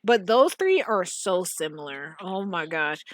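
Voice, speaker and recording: A woman's voice: on the low side, sing-song, unhurried, no room sound. A woman giving casual, opinionated commentary on a story game, blunt and often exasperated. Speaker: game reviewer.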